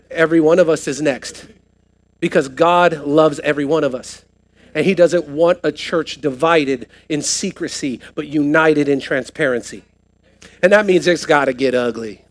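A pastor preaches to his congregation with a high-pitched voice. He keeps asking the room questions and drives each point home with rising emphasis. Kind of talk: sermon. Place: church sanctuary, live service.

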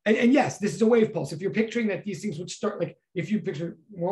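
An excitable physics professor in a classroom, talking fast and loose with lots of "like". The delivery swings between quiet asides and loud, emphatic bursts of enthusiasm. It sounds like a live lecture to students. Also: mid-range voice.

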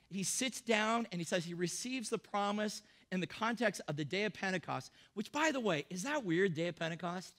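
Bright-voiced man preaching with humor. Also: high voice. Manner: humorous, conversational preaching, acts out Bible characters in quick voices. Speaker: pastor. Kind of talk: sermon. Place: church.

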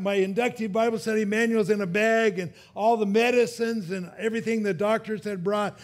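A male preacher with a high-pitched voice, delivering a sermon through a personal story. He chuckles at his own jokes and often restarts his sentences as he goes. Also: fairly even intonation, moderate pace, hardly any pauses. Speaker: pastor.

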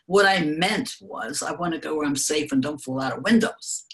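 An older woman answering interview questions, telling reflective personal stories in a gentle, unhurried way and laughing softly now and then. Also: low-pitched, steady tone. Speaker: guest speaker.

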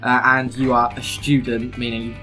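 Young british guy, bright voice, chatty storyteller, bit of guitar music behind. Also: mid-range voice, moderate pace. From Britain. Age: young adult. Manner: animated storytelling, acts out quoted dialogue. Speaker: co-host. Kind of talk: casual chat.

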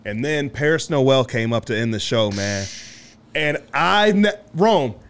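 A man's voice: mid-range voice, animated, a little slow, smooth. A man, co-hosting a podcast, telling stories in a laid-back, casual way and laughing often. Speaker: podcast co-host. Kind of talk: casual chat.

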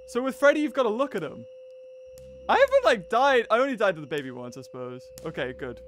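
A man playing a horror game and commentating as he goes, his voice swinging widely as he yelps and scolds the characters. Game music plays clearly behind him. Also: high voice, wildly swooping pitch, fast talker, fairly bright tone. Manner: jumpy, yelps and laughs, talks to the game characters. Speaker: gaming video host.

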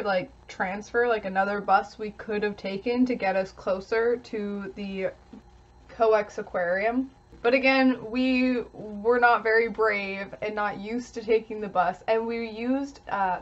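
A woman's voice: mid-range voice, steady tone, a little slow, dull audio. A young woman, talking casually to camera while eating, chatty with little giggles. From Canada. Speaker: vlogger.

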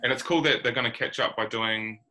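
A man's voice: medium pitch, a little fast, bright, forceful tone, slight background noise, rough recording. A New Zealand man hosting a casual basketball chat, rambling and laid-back with plenty of slang. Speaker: podcast host.

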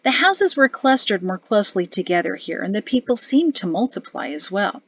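A woman narrating a novel as an audiobook in an even storytelling delivery. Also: medium pitch, normal speed, few pauses, breathy edge, no echo, lo-fi sound. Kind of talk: scripted narration.

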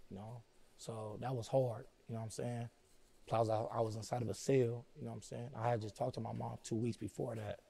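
Middle-aged guy, gravelly and dark, subdued, keeps going "you know what im saying". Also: mid-range voice. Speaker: interview guest. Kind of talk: personal storytelling in an interview.

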